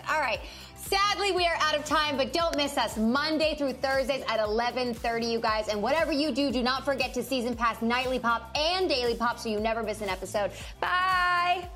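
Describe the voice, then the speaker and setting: Bright high-voiced woman host, profane. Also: soft background music. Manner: playful and profane, quick asides. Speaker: co-host of a pop culture news show. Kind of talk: casual chat, reading news items.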